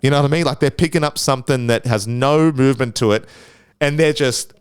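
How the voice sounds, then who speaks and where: A man's voice: medium pitch, brisk, clean tone, no echo, clean studio sound. Rambling, foul-mouthed Australian man. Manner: rambling, crude, heavy swearing, many restarts. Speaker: podcast host. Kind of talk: casual solo podcast monologue.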